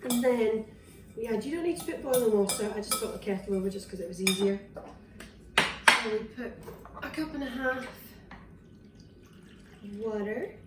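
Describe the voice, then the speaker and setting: A Scottish woman with a slightly high voice chats her way through a cooking demo. She rambles and restarts as she goes. She is heard from a distance in a roomy home kitchen, with dishes and cutlery clinking behind her. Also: normal speed, long pauses, heavy background noise. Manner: chatty and rambling, with fillers and restarts. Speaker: wellness vlogger. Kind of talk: casual cooking demonstration. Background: clinks of dishes, cutlery and pans.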